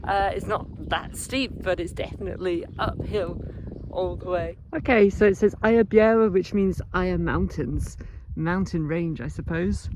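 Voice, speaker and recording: A woman's voice: lowish voice, slight background noise. A woman narrating a casual walking vlog outdoors in a chatty, wry, easily amused way. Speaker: travel vlogger. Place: outdoors, walking through countryside.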